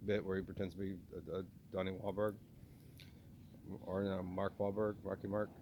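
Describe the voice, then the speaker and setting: Low-voiced man rambling with slight Texan twang. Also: monotone, normal speed, a little mellow, slight background noise. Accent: slight Southern US (Texan). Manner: talks about himself in third person, many restarts and stammers. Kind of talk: rambling spoken video journal.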